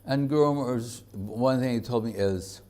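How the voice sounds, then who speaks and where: A man who is a spiritual teacher, giving a conversational devotional lecture in an informal, halting way, with frequent fillers and chuckles. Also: mid-range voice, warm tone.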